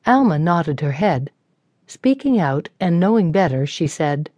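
A woman narrating an audiobook in a measured, expressive way. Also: low-pitched, no echo, studio quality. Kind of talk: scripted narration.

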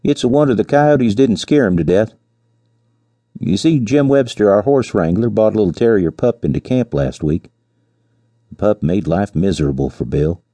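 A man voicing a smooth-talking young cowboy who spins a tale in a folksy, mock-mournful way. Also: fairly low pitch, expressive, moderate pace, dark tone, dry recording. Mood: mournful, glib.

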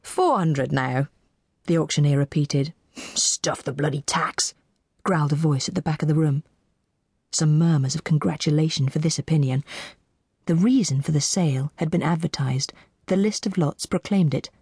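A woman reading a novel aloud in measured scripted narration. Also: low voice, mellow, breathy edge, no room sound, clean studio sound. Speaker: audiobook narrator.

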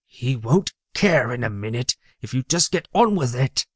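A man's voice: fairly low pitch, unhurried, dry recording, clean studio sound. A man doing a sneering, arrogant trickster god. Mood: menacing. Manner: sneering, hissing.

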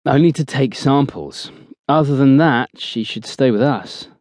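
A man's voice: medium pitch, a little slow, no room sound, studio quality, voice pushed up, natural voice. A man voicing a level-headed male squad leader who reasons things out in a weary tone. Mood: decisive. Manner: weary, thinking out loud.

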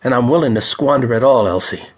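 A man voicing a determined male theater manager, speaking low, clipped and urgent in an audiobook. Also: fast, lightly acted. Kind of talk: audiobook character voice.

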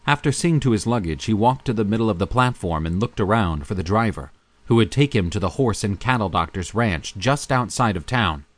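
Low-voiced male audiobook narrator. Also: lively intonation, a little fast, no echo. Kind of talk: scripted narration.

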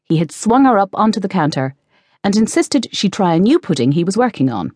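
A woman reading a novel aloud as audiobook narrator, in measured scripted narration. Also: mid-range voice, sing-song, a little mellow, husky, dry recording, studio quality. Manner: measured storytelling.

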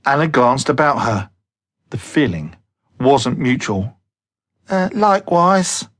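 A man narrating a comic audiobook in a lively, measured storytelling manner. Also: mid-range voice, breathy edge.

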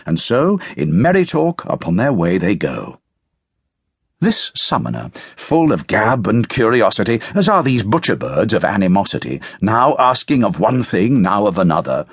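A man with a British accent reading a verse tale aloud in a measured, theatrical way, with a husky voice. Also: no room sound, studio quality. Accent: British English. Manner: measured, theatrical reading with lively swings of pitch. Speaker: audiobook narrator. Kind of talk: scripted narration of a verse tale.

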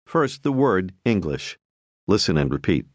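Measured male language-course narrator. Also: low-pitched, sing-song, no room sound. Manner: clear, measured instructional delivery. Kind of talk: scripted audio lesson instruction.

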